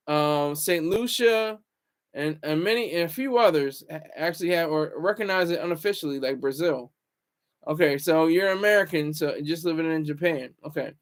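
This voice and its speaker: High-voiced man chatting on a livestream. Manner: rambling, talks back to viewer comments. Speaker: livestream host. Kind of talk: casual livestream chat.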